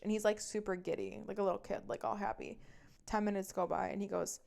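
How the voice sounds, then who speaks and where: A woman's voice: medium pitch, flat delivery, fast talker, gravelly, a little mellow. A young adult woman telling a personal dating story as a podcast host, candid and profane, chatty with lots of filler words. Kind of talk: casual storytelling monologue.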